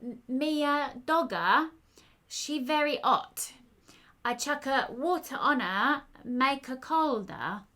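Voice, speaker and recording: A woman voicing a flustered London woman apologising to her neighbour, speaking loudly with over-enunciated words and halting broken Italian. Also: sits high, expressive, pitched above the performer's own voice, full character voice. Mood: awkward.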